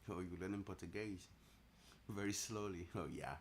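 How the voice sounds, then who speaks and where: A man with a low, deep voice hosting a live trading stream. He talks casually and answers his viewers' messages as they come in. A faint hiss of noise sits behind him. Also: steady tone, normal speed. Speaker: livestream trading host.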